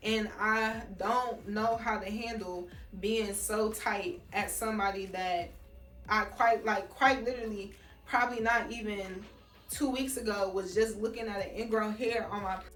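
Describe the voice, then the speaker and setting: A woman's voice: medium pitch, a bit bright, reverberant. Heated woman venting in a storytime vlog. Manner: heated, emphatic, repeats herself, addresses viewers as y'all. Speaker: vlogger telling a story. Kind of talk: storytime vlog, casual and profane.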